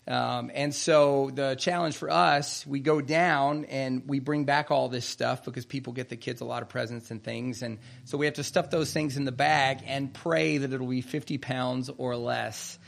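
A man's voice: medium pitch, vocal fry. A middle-aged male pastor preaching a sermon in a conversational way, tossing in rhetorical asides to the congregation.

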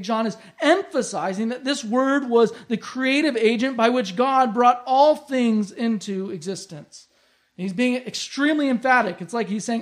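An earnest speaker gives a verse-by-verse Bible lesson in a mid-range voice. The delivery is emphatic, sinking low and quiet on the key phrases. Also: moderate pace. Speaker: Bible teacher. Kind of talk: expository Bible teaching.

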